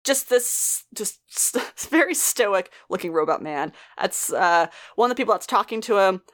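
A woman's voice: mid-range voice, lively intonation, normal speed, fairly bright tone. A woman co-hosting a podcast, giving a casual, laughing recap of a TV episode and swearing freely. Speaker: podcast co-host.

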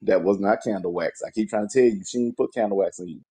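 Deep husky Southern man, low-key. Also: fast, mellow. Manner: low-key, mumbled, crude slang. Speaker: podcast co-host. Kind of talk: casual storytelling chat.

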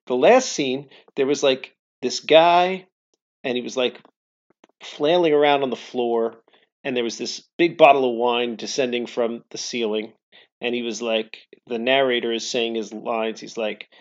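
A man co-hosting a podcast, telling an animated story in casual chat and laughing often. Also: mid-range voice, measured pace, lo-fi sound. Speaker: podcast co-host.

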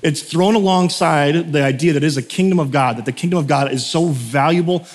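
A man's voice: fairly high pitch, a little fast. A man in his thirties, a pastor giving a casual, conversational sermon, telling stories with many fillers and frequent laughs. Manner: chatty, storytelling, laughs often, lots of fillers. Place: church sanctuary. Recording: long hall reverb.

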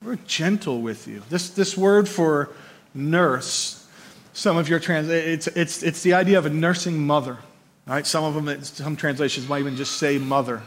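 Man, pastor, conversational sermon, higher voice, animated, repeats words, keeps asking right. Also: normal speed. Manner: animated, often checks in with "right?"; repeats words while building a point.

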